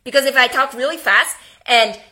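Bright, slow-speaking woman coach. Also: mid-range voice, animated. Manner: demonstrates tones, shifting from loud to hushed; laughs at herself, informal. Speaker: communication coach. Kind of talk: live online workshop talk.

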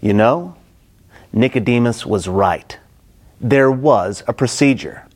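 A man's voice: mid-range voice, animated, takes it slowly, a little mellow. A middle-aged man preaching a Bible-study sermon, acting out the quoted characters expressively.

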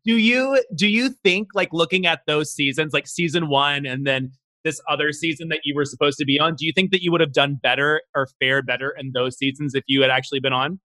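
A man interviews a guest on a casual show, his voice higher than most men's and bright in tone. He reacts with excitement and disbelief before asking his next question. The sound is dry and close. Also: a little fast, no echo. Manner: excitable, incredulous. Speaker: interviewer, host.

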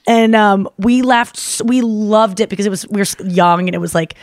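A woman podcast host in casual chat, giggly and animated as she tells stories. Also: medium pitch, fairly quick, dry recording, clean studio sound.

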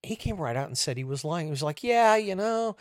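A man's voice: fairly high pitch, animated, quick pace, no room sound, studio quality. Profane, sarcastic man in his fifties ranting. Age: 50s. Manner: profane, sarcastic, swinging between loud outbursts and muttering. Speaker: host. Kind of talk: comedic political rant.

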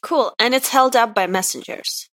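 A woman's voice: on the high side, normal speed, fairly bright tone. A woman co-hosting a casual podcast, giving short reactions and curious questions. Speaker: podcast co-host.

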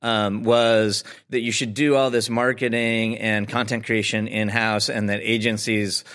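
A man with a fairly low voice hosts the conversation, teasing and rambling as he sets up his questions. He fills the gaps with frequent ums and uhs and keeps the tone light. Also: little pitch movement, measured pace, a bit bright. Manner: joking, rambling, with many fillers. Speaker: podcast host. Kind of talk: conversational podcast interview.

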